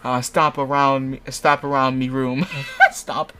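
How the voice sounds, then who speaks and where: A man's voice: mid-range voice, little pitch movement, unhurried, bright, forceful tone, clear, resonant tone. Man reading fanfic with mocking asides. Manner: mocking asides, laughs often, stumbles over words. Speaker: host.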